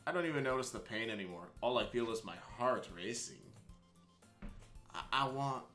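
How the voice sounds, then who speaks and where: Bright-voiced young man streaming a game. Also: medium pitch, normal speed, faint music behind. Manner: swearing, laughing, excitable asides. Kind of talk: reading a visual novel aloud with commentary. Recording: roomy echo.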